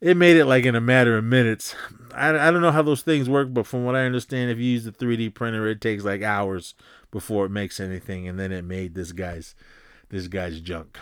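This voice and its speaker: A man recapping a film in a loose, chatty way, full of fillers and restarts, who jumps into higher, faster voices when quoting characters. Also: steady tone, clean tone, no room sound, clean studio sound. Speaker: podcast host recapping a film. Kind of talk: casual rambling recap.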